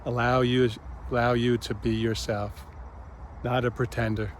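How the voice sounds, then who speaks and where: A man speaks slowly and gently on his own spiritual vlog, with long pauses between short phrases. His voice sits at an everyday middle pitch, and faint traffic hums behind him outdoors. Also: flat delivery. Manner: slow, gentle, pausing often. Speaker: channel host.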